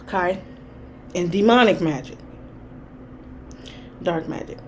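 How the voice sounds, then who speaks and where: On her spiritual channel, a woman shares a personal story casually, chatting, laughing a lot, and acting out reactions in vivid quotes. She speaks slowly in a lowish, darkish voice over slight background noise.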